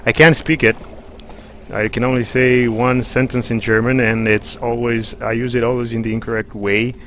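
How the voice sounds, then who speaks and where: A man's voice: mid-range voice, little pitch movement, moderate pace, fairly bright tone, a little hiss or hum. A man hosting a livestream, chatting and joking in a rambling way while he plays a game. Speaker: livestream host. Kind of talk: let's play commentary.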